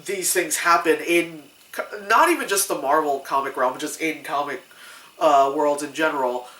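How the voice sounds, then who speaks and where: A woman reviewing a movie in casual chat, animated and laughing often, acting out other people's voices. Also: low voice, moderate pace. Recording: echoey room, mic at a distance.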